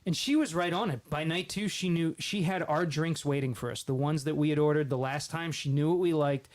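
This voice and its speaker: A man's voice: a little high, fairly quick. A man hosting a podcast, chatting casually and retelling a story, acting out the voices of people he quotes. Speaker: podcast host.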